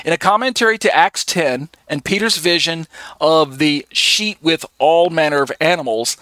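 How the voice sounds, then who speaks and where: A man leads a Bible study, his voice sitting a touch high for a man. He talks in a loose, conversational way, stopping often on fillers as he reads through passages. The sound is dry and close, with no room around it. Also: sharp tone, dry recording. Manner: conversational, filler-heavy, reads verses aloud. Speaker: Bible teacher. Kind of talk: casual Bible study lesson.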